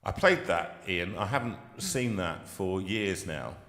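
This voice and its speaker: A man in his fifties from London hosting a live chat show, chatty and jokey and quick to laugh. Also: low voice, big pitch swings, a bit bright. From London, England. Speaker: host. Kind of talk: casual chat. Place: live show studio room. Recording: roomy sound with long reverb.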